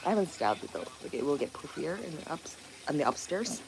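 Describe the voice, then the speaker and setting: A woman's voice: sits low, sing-song, quick pace. A woman hosting a casual livestream outdoors by a pond, rambling, swearing now and then and answering viewer comments aloud. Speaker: livestream host. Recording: outdoor noise in background.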